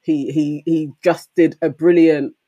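Co-host, animated and emphatic, mid-range pitch. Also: measured pace, lo-fi sound. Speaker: podcast co-host. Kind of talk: casual chat.

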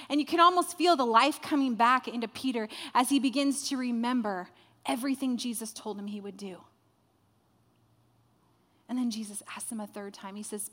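A woman's voice: a little high, fairly bright tone. A woman pastor preaching a sermon to a congregation, telling the story with acted-out quotes. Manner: storytelling, acts out quoted dialogue. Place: church hall with a congregation. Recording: reverberant hall.

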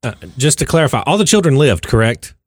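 A man's voice: medium pitch, expressive, fast, husky, no room sound, studio quality. A man co-hosting a podcast, blunt and joking in casual chat. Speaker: podcast co-host.

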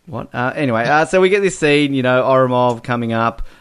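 A man co-hosting a podcast, talking about a film in a loose, casual way. He gets animated as he retells scenes and laughs often along the way. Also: medium pitch, a little fast, smooth. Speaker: podcast co-host. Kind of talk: casual movie review chat.

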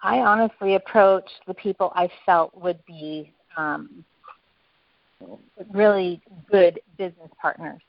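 An eager woman talks in a rambling way, often restarting her sentences, her voice sitting a little low. She comes through a dull, dry phone line with no room sound. Her tone is that of a casual interview. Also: steady tone, slow pace, gravelly, no room sound. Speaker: network marketing guest.

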